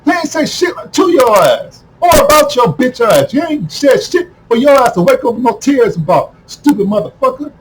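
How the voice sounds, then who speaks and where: Man, very high pitch, heated profane monologue, repetitive, bursts of shouting, faint background hum. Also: sing-song, normal speed, few pauses, low-quality recording. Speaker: video commentator.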